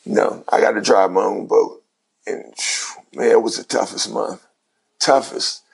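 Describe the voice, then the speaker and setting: Gravelly, husky man telling a story. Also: lowish voice, moderate pace. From Ohio. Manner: animated retelling with quoted dialogue, slangy. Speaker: guest, former pro basketball player. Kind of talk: casual storytelling.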